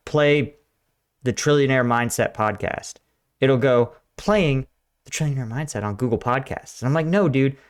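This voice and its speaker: A man's voice: medium pitch, smooth. An American man hosting a reaction video, talking casually with lots of fillers and laughing along. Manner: chatty, laughs often, talks with many fillers.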